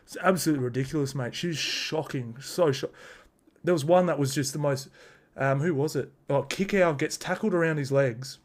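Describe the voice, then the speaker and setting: A man's voice: on the high side, moderate pace. An Australian man hosting a casual sports review, talking in a blunt, slangy, heated rant. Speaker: sports podcast host.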